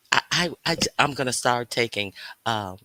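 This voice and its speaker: A man with a medium-pitched, sharp voice hosts a casual livestream with no echo, teasing the chat, reading out viewer names, and breaking into snatches of song.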